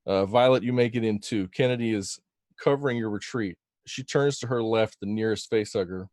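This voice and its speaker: A man narrating as game master of a tabletop game, casual and halting, with fillers and frequent pauses for dice rolls. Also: fairly low pitch, a little mellow, no echo.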